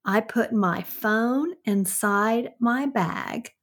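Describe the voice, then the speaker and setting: A woman's voice: fairly high pitch, extremely slow, fairly bright tone. An older woman with a Southern accent, co-hosting a podcast with her son, chatty and giving household tips. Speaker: podcast co-host, the host's mother. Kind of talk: casual chat.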